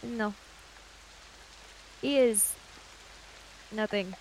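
A woman's voice: mid-range voice, extremely slow, darkish tone, a little hiss or hum, low-quality recording. A woman voicing a proud swordswoman who speaks in short, clipped, cold lines. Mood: terse. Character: terse, proud swordswoman, young adult woman.

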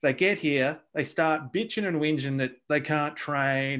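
A man's voice: a little high, measured pace, few pauses, a bit bright. Ranting Australian man on a podcast. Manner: ranting, sweary, exasperated. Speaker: podcast co-host. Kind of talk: casual chat.

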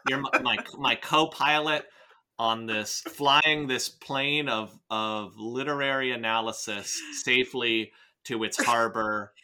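A man chats on a casual podcast, rambling through a novel with jokes, swearing and half-finished sentences. His voice is clear and bright, at a middling pitch. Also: fairly even intonation, takes it slowly. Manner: rambling, jokey, swears often, many restarts. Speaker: podcast host reading and analyzing a novel.

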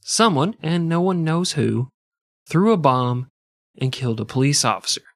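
A man's voice: a little high, normal speed, no room sound. Sarcastic, profane male podcast host. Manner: sarcastic, profane, deadpan jokes. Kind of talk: casual podcast storytelling.

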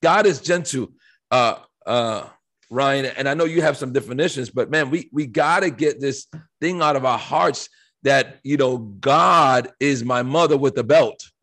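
A man co-hosting a faith podcast, talking in an animated, emphatic preaching style with rhetorical questions and scripture quotes. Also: mid-range voice, measured pace. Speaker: podcast co-host.

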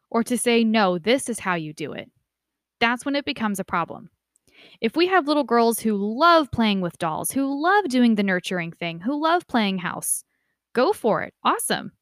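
A young woman giving a casual lecture, conversational and lively when she imitates relatives. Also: on the high side, no echo, studio quality. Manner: conversational, animated quoting of family voices. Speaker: instructor.

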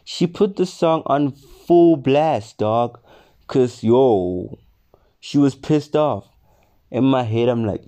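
A man's voice: medium pitch, takes it slowly. A young man casually telling a personal story on his vlog, swearing and acting out the people in it. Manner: swearing, animated retelling with quoted voices. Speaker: storyteller vlogger.

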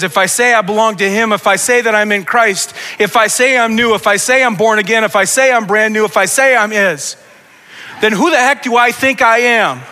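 A man delivers a sermon as pastor, his high, pushed, bright voice growing more intense through impassioned repetition. The church sanctuary gives the audio a hall's long reverb.

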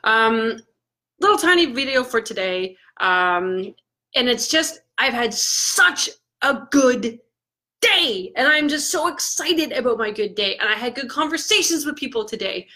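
A woman with a bright, forceful voice pitched a little high talks to her viewers about her goals. She is excited and chatty, full of ums and quick restarts. It sounds like a casual motivational vlog from an author. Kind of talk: casual motivational talk to camera.

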